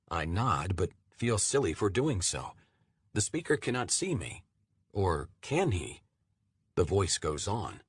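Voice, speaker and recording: A man narrating a fantasy audiobook in a measured, steady first-person reading. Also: sits low, slightly rough, dry recording, studio quality.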